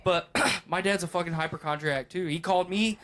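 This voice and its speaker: A man's voice: high-pitched, fairly quick, a bit bright. A man co-hosting a podcast in casual chat, rambling through stories with heavy swearing. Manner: profane, rambling storytelling. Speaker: podcast co-host.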